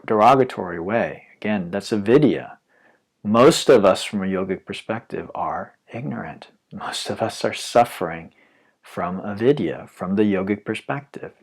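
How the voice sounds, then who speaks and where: A man giving a calm, reflective dharma talk as a yoga teacher, his phrases often trailing off softly. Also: lowish voice.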